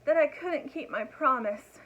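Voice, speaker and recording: A woman voicing a gentle, easily frightened young male dragon in a storybook reading, with a high, breathless, pleading delivery. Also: unhurried, muffled recording. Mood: distressed.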